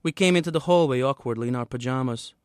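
Man, author reading his novel, measured pace, everyday pitch, dry close sound. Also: clear, resonant tone, no room sound.

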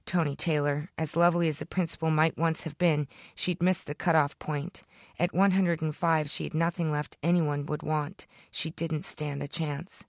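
A woman reading her own satirical short story aloud in a deadpan manner, lifting into the characters' lines. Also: sits low, normal speed, dry recording, clean studio sound.

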